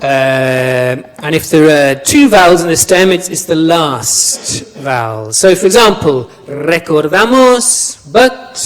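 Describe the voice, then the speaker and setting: A man teaching a class, chatty, repeating words and asking the students questions. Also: a little high. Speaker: language lecturer. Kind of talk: classroom lecture. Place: lecture room. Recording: long reverb of a lecture hall.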